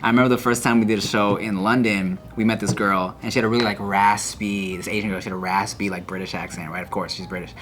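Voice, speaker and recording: A man's voice: fairly low pitch, fairly even intonation, fast, few pauses, a bit bright, slight background noise. A man telling loose, profane stories as a guest in a casual chat. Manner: loose storytelling with profanity and laughs.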